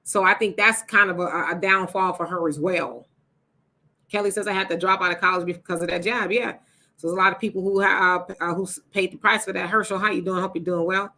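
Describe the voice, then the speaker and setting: A woman's voice: lowish voice, steady tone, a little fast, pushed and bright. A woman hosting a live stream, reading viewer comments aloud and answering them in a chatty, casual way. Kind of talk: casual livestream chat.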